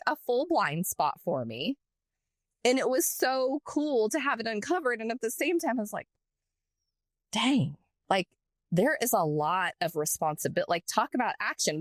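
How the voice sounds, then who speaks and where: Woman, podcast co-host, casual chat, lively storytelling, higher pitch, dry close sound. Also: dry recording. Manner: animated storytelling with frequent fillers.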